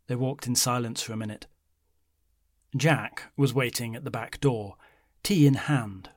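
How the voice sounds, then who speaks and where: Brief: male narrator, measured horror storytelling, dry close sound. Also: no echo. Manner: measured, low-key storytelling.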